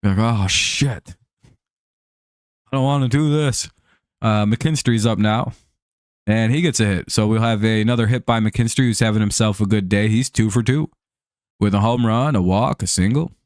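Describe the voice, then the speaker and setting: A man's voice: on the low side, moderate pace, a little mellow, no room sound. A man hosting a live stream, chatting casually over a baseball game, laid-back and joking, with casual swearing.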